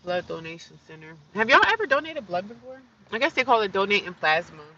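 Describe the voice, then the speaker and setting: A woman's voice: medium pitch, big pitch swings, fast talker, bright, forceful tone, far from the mic, muffled recording. A woman chatting casually on a livestream from her car, rambling and talking straight to her viewers. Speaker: livestreaming vlogger. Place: inside a parked or slowly driving car.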